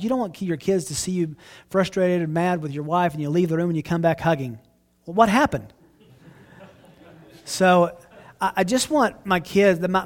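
Middle-aged pastor guy, kinda high voice, earnest, keeps restarting sentences. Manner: earnest, restarts phrases often. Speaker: pastor answering questions. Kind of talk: casual Q&A talk.

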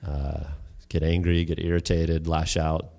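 A man with an extremely deep, dark voice puts questions to a guest. He speaks in a flat, measured way, with hesitant pauses. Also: gravelly. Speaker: interviewer asking questions. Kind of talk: casual Q&A.

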